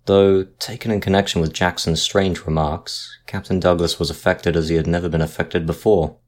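A man reading a sea story aloud as narrator, in a measured, steady manner. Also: sits low.

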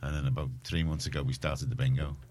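A fast-talking man with a rumbling low, darkish voice and level tone hosts a community radio show from the studio. He has a Liverpool accent and rambles casually, poking fun at himself.

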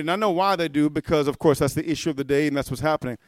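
A man preaching a fiery sermon, calling out amen and hallelujah and shouting at his peaks. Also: fairly high pitch, very fast, no echo, clean studio sound. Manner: mocks quoted figures in singsong voices.

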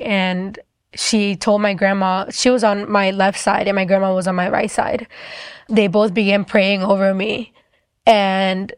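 A woman's voice: medium pitch, dry recording, clean studio sound. A young woman telling her personal faith story in an earnest, reflective way, acting out what people said. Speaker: testimony speaker.

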